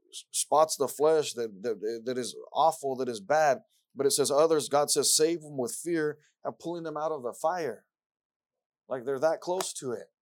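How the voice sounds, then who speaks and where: A man preaching to his congregation in an earnest, heartfelt way. His voice sits at an ordinary middle pitch and he leans on repeated scripture phrases. He swings between soft reflection and loud, excited stretches. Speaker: pastor. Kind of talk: sermon.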